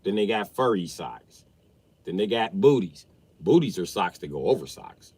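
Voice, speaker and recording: A man, ranting comically about family life in a stand-up style, swinging from muttering to yelling. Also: low voice, sing-song, moderate pace, breathy edge. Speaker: comedian. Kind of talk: stand-up style comedic rant.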